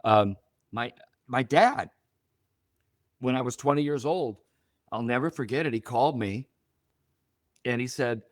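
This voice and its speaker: A man's voice: medium pitch, unhurried, long pauses, no echo. Older man, in his seventies, storytelling guest, acts out dialogue, dry close mic. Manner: animated, acts out quoted dialogue. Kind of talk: storytelling interview.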